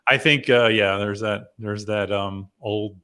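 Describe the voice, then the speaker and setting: A man's voice: lowish voice, steady tone, measured pace, bright, forceful tone, smooth. A middle-aged man from New Jersey hosting a live online members' chat, rambling and chatty with lots of fillers and laughs. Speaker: host.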